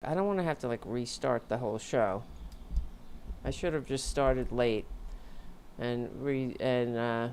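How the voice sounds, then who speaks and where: Low-voiced tired woman livestream host. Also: unhurried, darkish tone, a little hiss or hum. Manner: rambling, self-interrupting, joking. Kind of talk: casual livestream chat. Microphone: home mic with audio interface.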